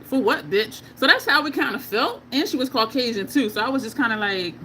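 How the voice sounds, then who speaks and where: A middle-aged woman hosts a casual beauty chat, talking to her viewers while she tries on makeup. Her voice sits a little high and swings widely as she tells her stories with plenty of asides. Faint background noise runs underneath. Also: fast talker, rough recording. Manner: chatty, animated storyteller with asides to viewers. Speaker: beauty video host.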